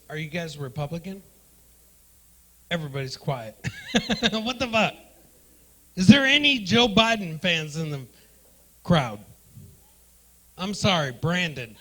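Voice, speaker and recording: A man's voice: on the high side, pushed and bright, low-quality recording. A man doing crude, brash stand-up comedy and crowd work as the emcee on a comedy club stage.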